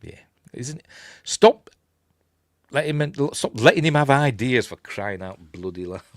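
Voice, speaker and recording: A man's voice: medium pitch, expressive, measured pace, dry recording, studio quality. An older man from Yorkshire with a Yorkshire accent, chatting casually about films on his channel, rambling with lots of ums and self-deprecating asides. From Yorkshire, England. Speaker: channel host. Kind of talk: casual live-stream movie chat.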